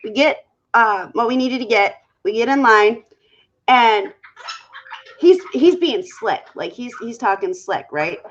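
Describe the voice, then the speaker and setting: Animated woman storyteller, slightly high voice. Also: a little slow, highs cut off, a little hiss or hum. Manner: animated storyteller, full of fillers and restarts. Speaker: panel guest. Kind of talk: casual chat. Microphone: video call.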